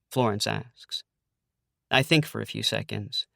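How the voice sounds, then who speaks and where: A man's voice: on the low side, measured pace, creaky, bright, forceful tone, no room sound. A young adult man narrating a first-person audiobook, hesitant with dry understatement.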